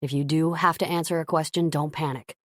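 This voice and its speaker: A man's voice: fairly high pitch, fairly even intonation, brisk, a bit bright, no echo, clean studio sound, lightly acted. A woman voicing a cocky male rock star who teases and gives orders. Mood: coaxing. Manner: teasing, commanding.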